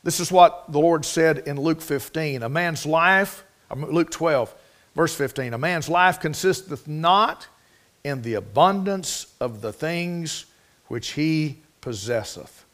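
A man's voice: on the high side, measured pace, fairly bright tone. A middle-aged man preaching a sermon in a folksy, storytelling way, with plain rural speech.

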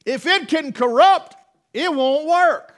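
Man preaching, homespun storyteller, rather high voice, middle-aged. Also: slow, fairly bright tone. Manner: folksy storytelling with rural dialect. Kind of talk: sermon.

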